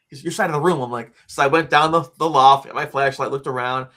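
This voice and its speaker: A man of about sixty, a guest on an interview show, telling a personal story in a lively way and acting out the quotes. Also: medium pitch, fast talker, hardly any pauses. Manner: lively, acts out quotes and screams, frequent "like" fillers. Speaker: interview guest, author and teacher.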